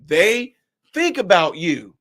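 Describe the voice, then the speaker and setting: Brief: high-pitched male vlogger, heated ranting commentary, preachy. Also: big pitch swings, slow pace. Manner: heated, preachy, rising to shouts.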